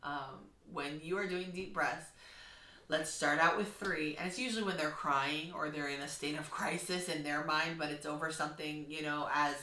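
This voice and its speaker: A woman's voice: low-pitched, steady tone, moderate pace, roomy sound, recorded from a distance, slight background noise. A woman who teaches kindergarten, speaking earnestly and encouragingly in a heartfelt vlog. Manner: earnest, encouraging, gently instructive. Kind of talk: heartfelt talking-to-camera vlog.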